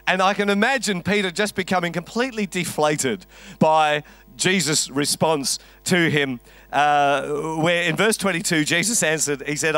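A man's voice: a little high, normal speed, fairly bright tone, no room sound. A man preaching a sermon, telling a story with a wry, conversational humor. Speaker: pastor.

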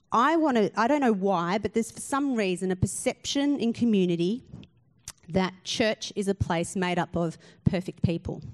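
A woman pastor, giving an earnest sermon full of rhetorical questions and emphatic repetition. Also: mid-range voice.

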